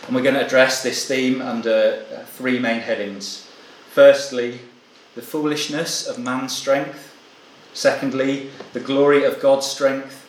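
A preacher, a man delivering a sermon to his congregation in an echoey hall. His voice sits at an ordinary middle pitch, and he speaks in an earnest, measured way that sometimes stalls and restarts. A faint ambient hum hangs behind him. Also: steady tone. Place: church meeting hall.

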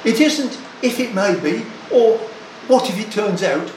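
An older man preaching a sermon, deliberate and emphatic, leaning hard on single words. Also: high-pitched, expressive, darkish tone, reverberant, slight background noise, poor audio.

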